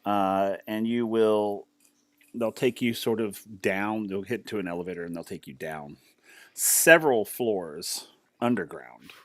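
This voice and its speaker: A man's voice: fairly low pitch, measured pace, a bit bright, dry recording. A man narrating a tabletop game as game master, chatty and rambling as he describes the scene. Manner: chatty, rambling, many fillers and restarts.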